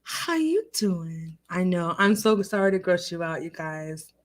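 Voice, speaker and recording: Speaking at a measured pace in a lowish voice, a woman runs a relaxed live stream and responds to viewer comments. She chats animatedly, laughs a lot, and keeps talking back to her chat.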